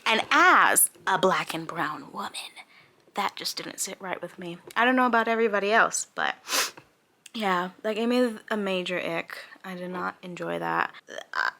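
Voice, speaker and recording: A woman's voice: lowish voice, bright, forceful tone. A woman in her twenties reviewing a book in casual, frank chat, exasperated and ranting, laughing often between points. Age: 20s.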